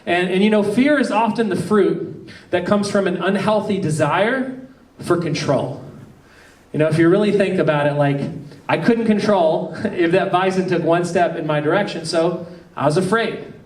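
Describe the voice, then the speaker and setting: A man's voice: high-pitched, normal speed. A man preaching a conversational sermon as a pastor, telling stories in a chatty way with many restarts. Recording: echoey room, distant mic.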